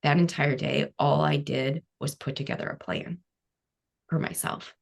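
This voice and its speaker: A woman with a low, gravelly voice speaks candidly as a podcast guest. She tells her own story plainly, acting out what she once said and scattering "like" through her sentences. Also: steady tone, unhurried. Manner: frank, quotes her past self, many "like" fillers. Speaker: guest, cancer coach.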